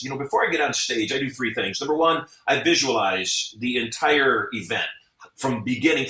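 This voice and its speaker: Bright, echoey middle-aged man. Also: medium pitch. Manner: earnest storyteller acting out quotes. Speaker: podcast guest. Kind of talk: motivational interview talk. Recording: echoey, off-mic sound.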